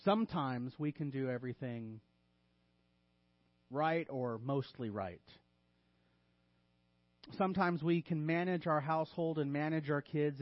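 A man's voice: fairly high pitch, no room sound, lo-fi sound. A man, a pastor, preaching a sermon, delivering a list with tongue-in-cheek sarcasm.

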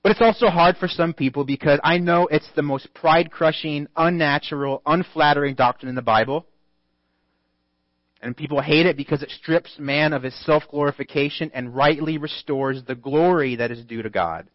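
A man's voice: a little high, no room sound. Earnest preaching man, dull dry sound. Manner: earnest preaching with scripture readings and emphatic pauses. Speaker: pastor. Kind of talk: sermon.

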